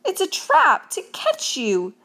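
A woman voicing a friendly, worried male ghost in a storybook read-aloud, calling out in a high, drawn-out voice. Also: very animated, vocal fry, full character voice. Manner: high, loud and drawn-out calls. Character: friendly fretful male ghost, stern when pushed.

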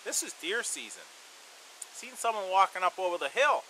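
Man, bright sharp tone, slightly high voice, casual rambling storytelling, survival channel host. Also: moderate pace, slight background noise, rough recording. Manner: relaxed, rambling, frequent "you know" fillers.

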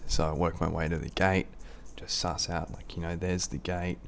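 Low-voiced Australian man telling a rambling tale. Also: level tone, moderate pace, gravelly, slight background noise. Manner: rambling, crude and self-mocking, laughs at his own story. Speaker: storyteller. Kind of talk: casual anecdote.

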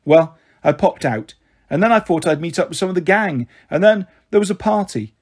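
A man's voice: high voice, lively intonation, normal speed, breathy edge, pitched above the performer's own voice. Man doing a sweet, coaxing storybook mum. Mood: playful. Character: flighty affectionate young mother, a woman.

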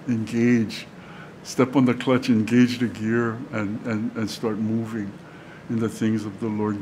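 Pastor, man, mid-pitched, teaching in a chatty, halting way, faint hiss behind. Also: darkish tone. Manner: conversational, halting, many fillers and restarts. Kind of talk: sermon. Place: church sanctuary.

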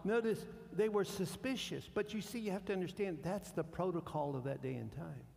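A male pastor preaching a sermon, animated, swinging between hushed and loud. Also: high-pitched, fairly quick, gravelly, hardly any pauses. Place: church sanctuary. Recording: long church hall reverb.

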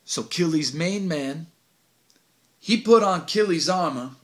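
A man's voice: a little high, expressive, unhurried, a bit bright. A man playing a cocky street teen. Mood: swaggering. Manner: slangy street talk, boastful storytelling. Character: cocky streetwise teenage boy delinquent. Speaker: actor in an audition monologue. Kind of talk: dramatic stage monologue. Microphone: home video camera.

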